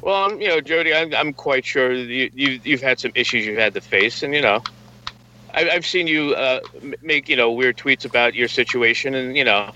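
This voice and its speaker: A man's voice: mid-range voice, normal speed, bright, forceful tone, muffled recording, slight background noise. An American man co-hosting a casual podcast, rambling and stammering with crude swearing. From United States. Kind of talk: casual chat.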